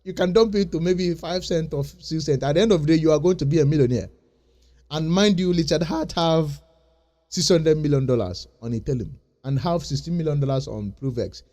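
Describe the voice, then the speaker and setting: A man's voice: fairly high pitch, a little fast, mellow. A man hosting his own channel, lecturing his viewers in an insistent, repetitive way in a casual vlog. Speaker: crypto channel host. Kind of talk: casual vlog talk to camera.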